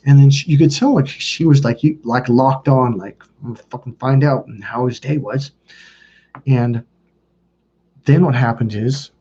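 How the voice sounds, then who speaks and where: A man's voice: medium pitch, dark tone, husky. A middle-aged man, a dating coach, telling a story in casual, rambling talk, swearing freely and acting out the voices of the people in it. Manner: profane, rambling, acts out quoted voices. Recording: dull lo-fi sound.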